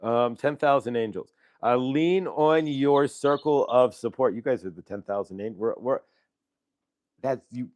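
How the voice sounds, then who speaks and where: A man's voice: medium pitch, a little slow, darkish tone, no echo. A man hosting a spiritual livestream, chatting casually with viewers and reading oracle cards, rambling with lots of fillers and friendly asides. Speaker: host of a channeling and card-reading livestream.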